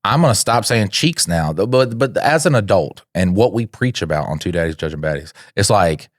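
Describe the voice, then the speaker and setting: A man's voice: deep voice, animated, a little fast, no room sound, studio quality. A middle-aged man co-hosting a podcast, joking and arguing playfully in casual chat. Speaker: podcast co-host.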